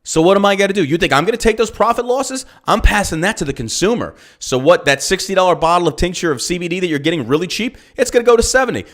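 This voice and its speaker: A Texas-based business owner hosts a podcast, ranting heatedly about politics, swearing freely and firing off rhetorical questions. His male voice sits high with a fairly bright tone.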